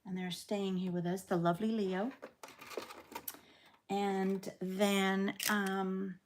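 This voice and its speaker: A woman's voice: mid-range voice, level tone, takes it slowly, a little hiss or hum. A woman in her sixties, originally from England, talking with a Canadian accent in a chatty, rambling way while she sews and chats. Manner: chatty, rambling, self-deprecating. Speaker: quilting vlogger. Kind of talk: casual sew-along chat.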